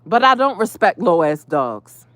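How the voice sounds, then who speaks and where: A woman venting casually about a neighbor, animated and profane. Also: on the low side, measured pace, no echo. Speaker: vlogger. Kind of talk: casual storytime rant.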